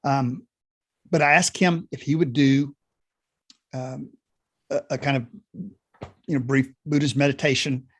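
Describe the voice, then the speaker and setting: Man, pastor, informal halting introduction, mid-pitched voice. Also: fairly even intonation, breathy edge. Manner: halting, with many fillers and restarts. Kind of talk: casual introduction in a service.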